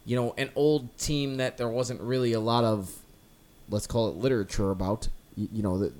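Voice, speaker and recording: A man co-hosts a comic book podcast, speaking in a mid-range, somewhat dark voice with a steady tone at a moderate pace. He talks casually and rambles, full of fillers, "like," and restarts, and loosely acts out characters.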